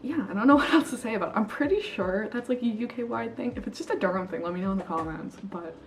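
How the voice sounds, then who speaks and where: Young female vlogger from Canada, casual, filler-heavy storyteller, mid-pitched voice, recorded slightly off-mic. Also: expressive, fast, far from the mic, soft background music, poor audio. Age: young adult. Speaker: international student vlogger. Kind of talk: casual chat.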